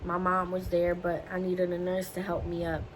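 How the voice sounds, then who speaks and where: A woman's voice: lowish voice, completely flat delivery, normal speed, slight background noise, poor audio. A young woman vlogger telling a personal story in a candid, casual way, slipping into the voices of the people she quotes. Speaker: beauty vlogger.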